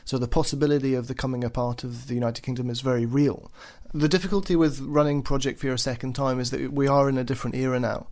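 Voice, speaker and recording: A man's voice: medium pitch, fairly even intonation, fast talker, few pauses, a little mellow. A man speaking fluently and emphatically as a panelist in a political podcast. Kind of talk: analytical discussion.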